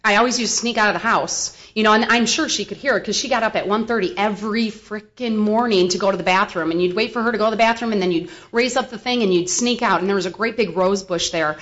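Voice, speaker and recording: A woman's voice: medium pitch, fast talker, few pauses, a bit bright. A woman from the American Midwest giving a frank, humorous personal testimony at a recovery meeting, rambling with many fillers. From Milwaukee, US Midwest. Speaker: speaker sharing at a recovery meeting. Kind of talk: personal testimony, casual storytelling. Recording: dull lo-fi recording.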